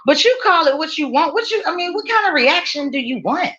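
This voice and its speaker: A woman's voice: sits high, expressive, fairly quick, hardly any pauses, pushed and bright, lo-fi sound. A woman hosting a casual livestream from her kitchen, talking bluntly to her chat, swearing freely and laughing often. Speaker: livestream host. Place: home kitchen, cooking while streaming.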